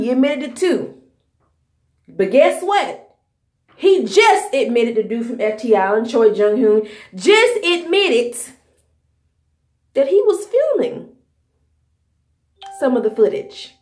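A woman's voice: high-pitched, echoey room. A woman in her thirties hosting a podcast, delivering a heated, profane, scolding commentary rant. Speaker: podcast host.

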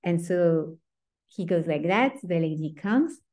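A woman with a French accent teaching an informal online class over a video call, chatty and animated, often breaking into laughs. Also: lowish voice, unhurried. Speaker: teacher of a weekly Torah class.

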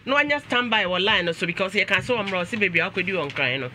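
A man's voice: high-pitched, expressive, fast, bright, forceful tone, slight background noise. A man with a Ghanaian accent hosting a talk show, switching between English and Twi and exclaiming often.

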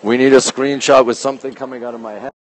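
A man hosting a casual live stream from a phone as he walks through an art museum, reading out artwork titles slowly and greeting viewers by name, sometimes dropping his voice low. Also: steady tone, noisy background. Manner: talks low at times to keep quiet. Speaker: livestream host touring a museum. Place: indoor art museum gallery.

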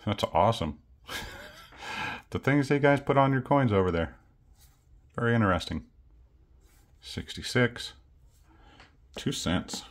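A man's voice: medium pitch, expressive, unhurried, long pauses. A man, casually chatting through a coin unboxing vlog in an easygoing, self-deprecating way. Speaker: coin collecting channel host.

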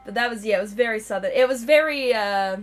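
A woman hosts a game livestream, chatting casually and giggling often as she plays. Her voice is fairly high and quick, with soft music in the background.

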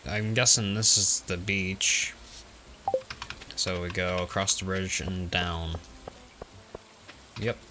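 A young man casually thinking aloud as he plays a game on stream, relaxed and unhurried. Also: sits low. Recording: noticeable background noise with clicks.

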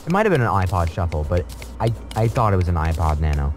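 A man's voice: low voice, big pitch swings, fast talker, faint music behind. A man chatting casually while playing a video game, rambling through silly jokes and stories. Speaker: let's play co-host. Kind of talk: casual gaming commentary.

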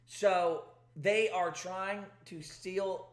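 High-voiced man ranting with exasperation. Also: normal speed, roomy sound. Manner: exasperated, emphatic. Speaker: political commentary host. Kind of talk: ranting commentary.

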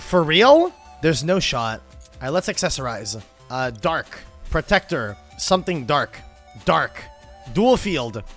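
A young man streaming a card game, reacting loudly, swearing often and talking to his chat. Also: a little high. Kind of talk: game livestream commentary.

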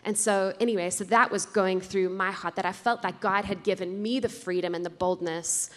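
A woman's voice: medium pitch, steady tone, moderate pace, fairly bright tone. A woman sharing a heartfelt testimony at a conference. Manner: earnest, heartfelt. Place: large conference hall. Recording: reverberant hall.

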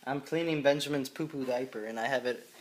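A man's voice: mid-range voice, a little fast. A young man and father talking casually to his camera at home in a loose, chatty way, swearing freely. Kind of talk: casual vlog chat to camera.

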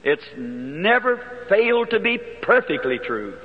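A man with a high-pitched, breathy-edged voice preaches in a large auditorium, very animated but unhurried. Folksy and earnest, he tells a childhood story as sermon testimony. The archival 1950s recording is dull, captured in a hall with long echo.

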